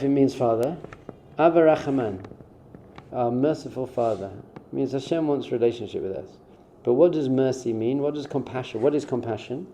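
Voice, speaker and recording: Man with a very dark, muffled voice. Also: mid-range voice, a little hiss or hum. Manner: informal, acts out short quoted exchanges. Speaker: rabbi. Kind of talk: conversational spiritual teaching. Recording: dull, muffled sound.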